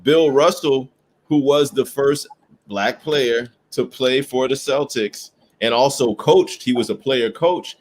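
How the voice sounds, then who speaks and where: Brief: man, podcast host, mid-pitched, steady and explanatory. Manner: measured, explanatory, agreeing. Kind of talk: casual podcast chat.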